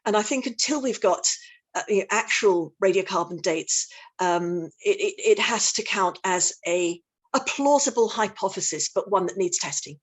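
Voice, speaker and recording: A woman's voice: medium pitch, normal speed, husky. A woman lecturer answering questions in an online talk, thoughtful and hesitant, with many fillers and restarts. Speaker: guest lecturer. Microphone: video call.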